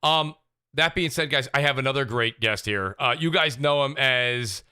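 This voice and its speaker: A man hosting a casual gaming podcast in an animated, joking way. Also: on the high side, moderate pace, clean tone, no room sound, clean studio sound. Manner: animated, jokey, gives chat shout-outs. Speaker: podcast host.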